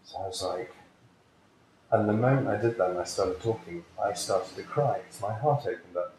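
Man, earnest storyteller, lowish voice, echoey room, faint background hiss. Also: normal speed, a little mellow. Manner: earnest, reflective, acts out quoted voices. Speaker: psychic healer, interview guest. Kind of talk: personal storytelling interview.

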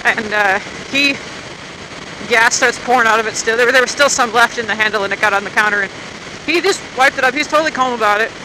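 A woman's voice: a little high, fast talker, noisy background. A woman motovlogger chatting and grumbling in a rambling, unscripted way outdoors at a gas station.

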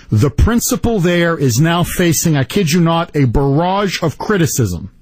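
Male radio host, lively indignant storyteller, higher-pitched, dry studio mic. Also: no room sound, poor audio. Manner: animated, mock-outraged storytelling. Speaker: radio talk show host. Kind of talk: talk radio monologue.

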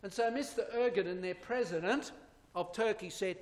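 A man's voice: high voice, normal speed. A man giving a sermon-style Bible prophecy lecture to his congregation. He speaks emphatically, points at slides and asks rhetorical questions. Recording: long hall reverb.

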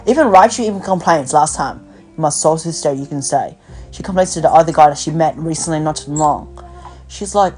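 Lowish-voiced woman ranting on her podcast, swears a lot, blunt, faint music behind. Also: fairly quick, dark tone. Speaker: podcast host. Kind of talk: casual chat. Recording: phone call with faint music.

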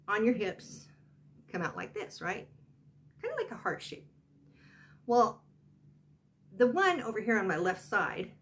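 A woman's voice: medium pitch, a bit bright. An older woman vlogging, telling a personal story in a chatty, rambling way full of asides.

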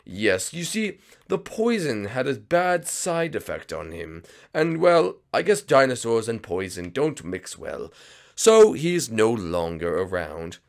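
A man's voice: medium pitch, sing-song, takes it slowly. A man voicing a scheming male reptile villain professor, gloating and theatrical, for a game roleplay.

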